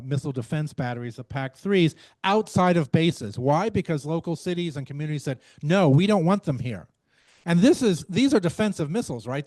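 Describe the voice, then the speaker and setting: Guy giving a research talk, measured, lots of ums and restarts, dry close sound. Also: medium pitch, mellow, no room sound. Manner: measured, frequent fillers and restarts. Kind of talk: academic presentation.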